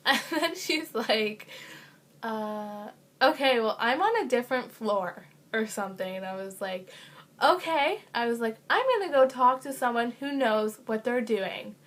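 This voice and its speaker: Young woman, vlogger, chatty, filler-heavy, sarcastic asides, slightly higher voice. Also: a little slow, fairly bright tone. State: occasional cough. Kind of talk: casual storytime vlog.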